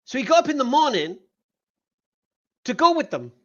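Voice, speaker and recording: A man hosting a live call-in debate, retelling a story in an animated, mocking way. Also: very high voice, normal speed, dull audio. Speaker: host.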